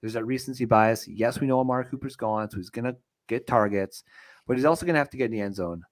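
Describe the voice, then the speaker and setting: A man's voice: mid-range voice, quick pace. A man from Canada co-hosting a fantasy football podcast, chatty, laid-back and a little self-deprecating. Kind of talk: casual sports podcast banter.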